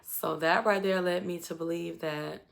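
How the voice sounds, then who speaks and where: A woman's voice: fairly low pitch, fairly even intonation, normal speed, gravelly. A woman giving a casual, chatty recap of a reality show, telling it expressively with lots of asides. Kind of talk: casual commentary.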